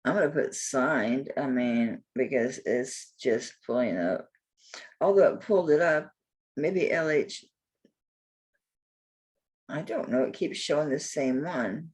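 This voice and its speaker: A woman's voice: a bass voice, slow pace, long pauses, darkish tone, slightly rough. An older woman selling jewelry on a live stream, rambling and talking to herself as she looks items up, with some mild cursing. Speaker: jewelry seller. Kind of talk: live sale, chatty self-talk while looking up items.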